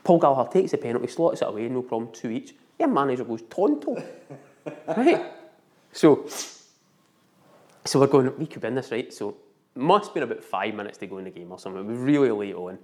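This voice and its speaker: A middle-aged man with a Scottish accent telling a story in casual chat, animated and laughing often. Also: mid-range voice, brisk, pauses often.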